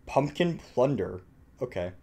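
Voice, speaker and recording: Hyped young man yelling and swearing. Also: mid-range voice, very animated, unhurried, vocal fry. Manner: loud, swearing, hyped outbursts. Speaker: streamer reacting to a game trailer. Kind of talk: excited reaction commentary.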